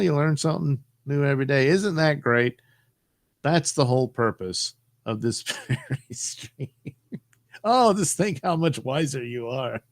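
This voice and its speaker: A man's voice: a little high, dry recording. A middle-aged man hosting a live stream, rambling and joking as he reads chat messages aloud.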